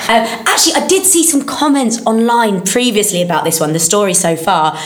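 A woman's voice: mid-range voice, fairly quick, roomy sound. A woman co-hosting a casual chat, reading out fan questions and joking freely. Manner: reads fan questions, swears and jokes freely. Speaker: co-host.

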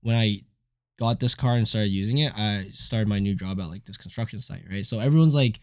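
A young man co-hosting a casual podcast chat, telling stories in an animated way, full of fillers and swearing freely. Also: on the low side, brisk, no echo, studio quality. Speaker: co-host.

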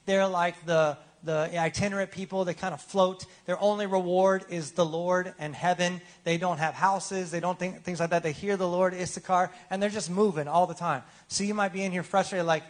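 A man's voice: high voice, steady tone, normal speed, few pauses. A man preaching a sermon as pastor in a casual, joking way, often asking the congregation for replies.

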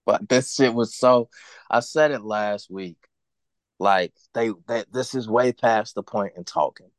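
A man's voice: on the low side, measured pace, dry recording. A man co-hosting a podcast, ranting bluntly and cursing freely in casual chat. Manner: blunt, profane, heated ranting. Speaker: podcast co-host.

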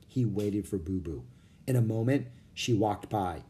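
A man narrating a children's storybook with an expressive reading. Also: lowish voice, measured pace, slight background noise.

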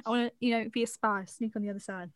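A woman's voice: a little high, steady tone, rapid-fire, no room sound, studio quality. A woman co-hosting a podcast, chatting casually and giggling playfully. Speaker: podcast co-host. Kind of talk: casual chat.

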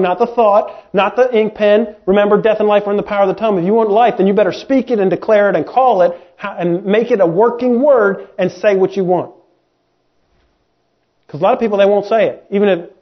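A man with a high, light voice preaches in a folksy, animated style, bouncing between plain talk and quick mimicked voices of doubters. The audio is dull and lo-fi, like a home podcast recording. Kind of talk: sermon.

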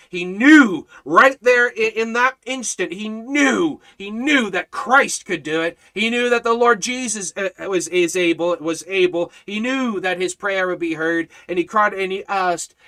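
A Bible teacher with a slightly high, pushed and bright voice gives a Bible study as a sermon. He preaches with rising fervor, repeating emphatic lines that build in intensity.

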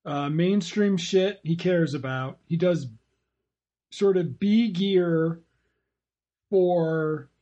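A man's voice: fairly high pitch, extremely slow, long pauses, warm tone, lo-fi sound. A man co-hosting a casual comics podcast, laid-back and hesitant, often trailing off. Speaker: podcast co-host. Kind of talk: casual chat about comics.

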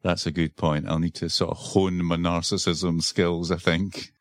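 Deep-voiced Scottish man chatting. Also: level tone, moderate pace, no echo. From Scotland. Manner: chatty, self-deprecating, wry. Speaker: podcast co-host. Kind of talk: casual chat. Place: Edinburgh.

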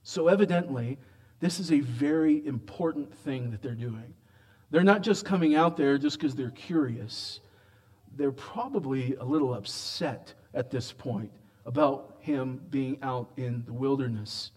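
A man preaching an expository sermon, emphatic, with loud raised lines and quiet low asides, slowing right down on quoted words.

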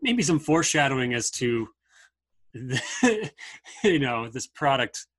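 A man's voice: mid-range voice, very animated, slow, fairly bright tone, no room sound. A man co-hosting a podcast, chatting casually and rambling through asides. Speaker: podcast co-host. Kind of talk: casual chat.

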